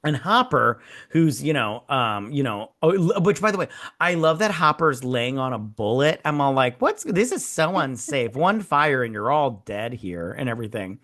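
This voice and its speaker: A man's voice: medium pitch, big pitch swings, normal speed, fairly bright tone. A man hosting a casual movie-review podcast, animatedly retelling scenes, acting out characters' lines, laughing often and joking crudely. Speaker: podcast host.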